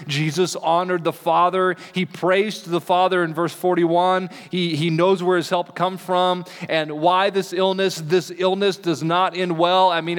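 Man preaching in a reverberant hall. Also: sits high. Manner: conversational preaching, slows for emphasis. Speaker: pastor. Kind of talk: sermon.

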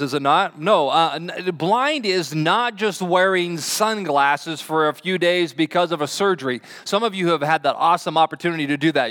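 Pastor, male, sermon in a church; fairly high, smooth voice, chatty with the congregation. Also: a bit bright. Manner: chatty, asks the congregation questions. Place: church sanctuary.

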